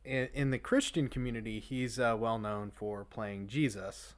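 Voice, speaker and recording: A man's voice: medium pitch, steady tone, normal speed. A man hosting a casual chat show, rambling with many fillers and restarts. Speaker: podcast host.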